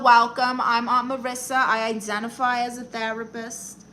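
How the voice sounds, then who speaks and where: A woman's voice: fairly high pitch, pushed and bright, slight background noise. A woman playing a brash, blunt middle-aged aunt who calls herself a therapist, chatting on a live stream while she colors and reads the chat. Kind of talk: improvised character comedy live stream.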